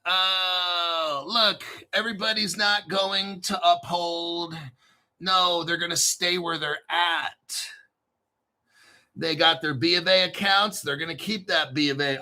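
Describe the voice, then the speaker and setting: A man's voice: sits high, unhurried, pushed and bright. A man hosting casual crypto commentary, swearing freely and bantering back and forth with himself.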